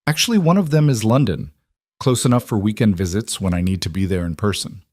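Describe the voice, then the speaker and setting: A composed, thoughtful woman speaks in a calm, measured way, a little higher than the teller's own voice, as a male narrator puts her on. The voice is low and steady, and the recording is dry and close. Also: no room sound, close to an everyday voice. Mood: calm reflective. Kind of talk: audiobook narration.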